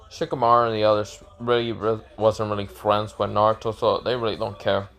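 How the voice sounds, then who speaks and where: A man's voice: on the low side, flat delivery, a little fast, hardly any pauses, a bit bright, soft background music. Young guy rambling through a made-up story, lots of ums and self corrections. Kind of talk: casual improvised storytelling.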